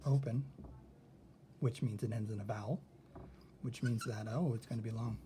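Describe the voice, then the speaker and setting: A man teaching a recorded lesson, thinking out loud as he works through examples and often checking in with "okay?". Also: medium pitch, steady tone, moderate pace, a little hiss or hum.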